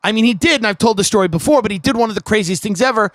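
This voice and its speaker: A man, a comedian hosting his podcast, tells a rambling comic story full of quick asides and laughter, recorded on an outdoor deck. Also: sits high, dry recording.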